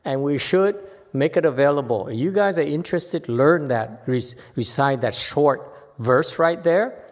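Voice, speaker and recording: A man's voice: on the high side, measured pace. A man, a Buddhist monk, giving an informal dharma talk in short broken phrases and laughing often. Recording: reverberant hall.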